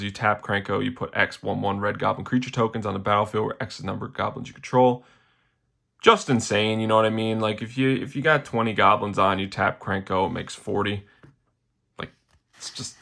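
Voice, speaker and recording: A young man talks through his card game deck in a loose, rambling way, tossing in slangy asides. His voice sits a little low and has a gravelly edge. Its tone is bright and forward. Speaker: deck tech host.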